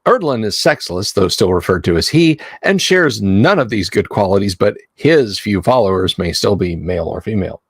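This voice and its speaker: A man's voice: on the low side, expressive, normal speed, creaky, few pauses, husky, no echo. A man hosting a live stream, reading a game rulebook aloud and breaking off for wry, joking asides to his chat. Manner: wry, digressive, answers chat with jokes. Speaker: livestream host.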